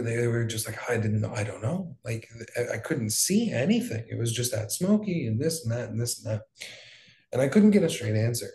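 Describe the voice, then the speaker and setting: A young man from Hawaii recounts events in loose, casual talk, stopping for fillers and dropping curse words as he goes. His voice sits in an ordinary middle pitch. The room around him rings with a noticeable echo. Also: creaky, darkish tone. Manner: loose, profane, rambling with fillers. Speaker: wildfire survivor guest. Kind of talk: casual storytelling. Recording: echoey room.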